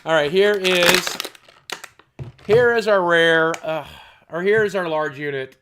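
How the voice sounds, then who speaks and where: A man's voice: high-pitched, measured pace, noisy background. A man chatting casually and profanely with his stream chat while unboxing, cracking jokes. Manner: crude, profane, jokey.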